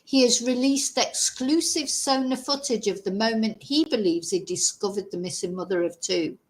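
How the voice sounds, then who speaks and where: Scornful high-voiced woman. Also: moderate pace. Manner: scornful, sarcastic, exasperated. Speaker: commentary channel host. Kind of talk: indignant commentary vlog.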